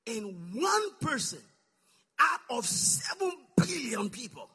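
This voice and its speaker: High, husky-voiced shouting preacher. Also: male voice, lively intonation, moderate pace. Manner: call-and-response, swings from shouting to near-whisper. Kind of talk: sermon.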